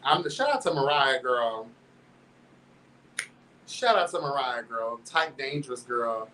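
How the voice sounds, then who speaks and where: Here the host's pitch is medium and his pace measured, picked up by a distant mic over slight background noise in poor audio. Sassy and flamboyant, he relays a candid tale with plenty of animation, laughing as he goes and repeatedly addressing listeners as "girl."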